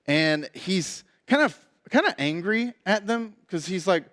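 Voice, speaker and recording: A man's voice: high-pitched, animated, measured pace, a bit bright. A male pastor preaching a sermon in a conversational, storytelling way.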